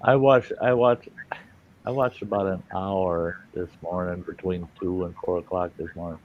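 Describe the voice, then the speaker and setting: A man's voice: low voice, fairly even intonation, moderate pace. A man hosting a casual livestream chat, telling rambling, salty stories and acting out quotes. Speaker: host. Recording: dull lo-fi stream audio with faint hiss.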